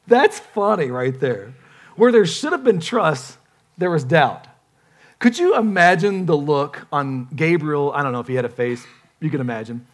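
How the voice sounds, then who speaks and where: A man preaching a sermon as pastor, casual and joking, with lively emphasis. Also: on the high side.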